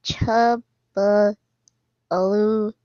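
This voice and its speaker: A woman commenting on a game as she plays, excitable, often squealing and laughing. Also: medium pitch, drawn-out words, clean tone, no echo. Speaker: gaming video creator. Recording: slightly dull lo-fi sound, dry.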